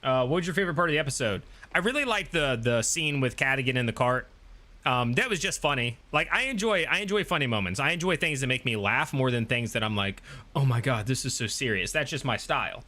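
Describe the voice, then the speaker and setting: A man's voice: mid-range voice, animated, fast talker, pushed and bright. A man hosting a stream, chatting casually and rambling with many restarts while reading chat aloud. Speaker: streamer and host.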